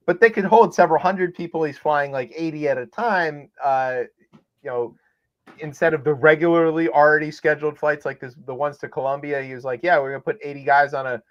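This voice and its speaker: A man's voice: a little high, moderate pace. Sarcastic rambling male co-host, lo-fi. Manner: rambling, sarcastic, lots of fillers. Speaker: podcast co-host. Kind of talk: casual comedic news chat. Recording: dull lo-fi sound.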